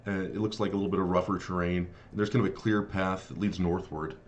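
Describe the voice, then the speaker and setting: A man running a live-streamed tabletop game as game master, talking in a halting way with many fillers and apologies. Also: sits low, steady tone, lo-fi sound, slight background noise.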